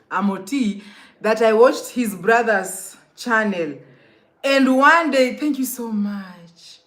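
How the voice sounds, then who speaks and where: A woman's voice: on the high side, fairly bright tone. A young Kenyan woman chatting casually on a live stream, greeting commenters by name and laughing often.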